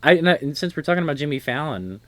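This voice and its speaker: A man's voice: on the high side, very fast, dry recording. A man co-hosting a casual podcast chat over a video call, joking and laughing often. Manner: animated, jokey, laughs often. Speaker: podcast co-host. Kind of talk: casual chat on a live stream. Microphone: computer mic on a video call.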